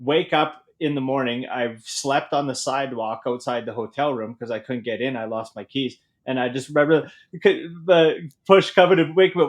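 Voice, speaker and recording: A man, a podcast guest telling oilfield party stories in an animated, profane way, laughing as he talks. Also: mid-range voice, moderate pace. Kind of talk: casual storytelling.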